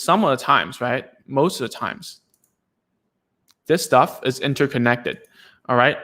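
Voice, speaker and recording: A man's voice: medium pitch, fairly bright tone. Guy speech therapist chatting thru a live lesson, laughs at himself, lots of um and like. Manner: chatty, self-deprecating, many fillers and restarts. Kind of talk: casual live teaching Q&A.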